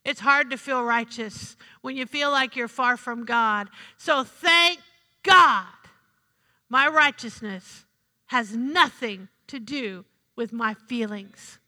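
A woman's voice: fairly high pitch, expressive, slow pace, bright, forceful tone. A woman pastor preaching a sermon, with call-and-response and repeated lines for emphasis. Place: church sanctuary. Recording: long hall reverb.

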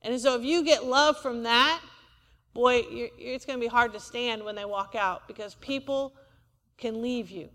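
A woman's voice: on the high side, moderate pace, a bit bright, in a large hall. A woman preacher, delivering a sermon in a church and asking the congregation for amens. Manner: call-and-response preaching, asks for amens.

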